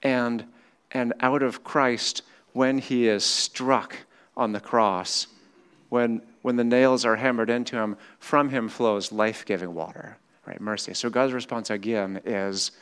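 Measured middle-aged male preacher. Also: lowish voice, clear, resonant tone. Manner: dramatic swings from loud, animated acted quotes to quiet, slow reflection. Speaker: pastor. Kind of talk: sermon. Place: church hall with a screen.

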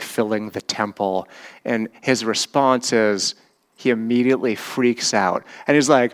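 A pastor delivers a conversational sermon, frequently asking the congregation questions. His voice is lowish, with a fairly bright tone.

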